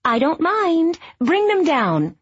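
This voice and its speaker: A woman reading aloud, voicing a doting middle-aged mother with a high, fussing manner. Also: very animated, moderate pace, breathy edge, dry recording, lo-fi sound.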